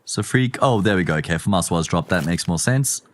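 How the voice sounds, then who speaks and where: A man with a South African accent giving live play-by-play commentary on an esports match, animated and jumping up in pitch when excited. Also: a little fast. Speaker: esports caster.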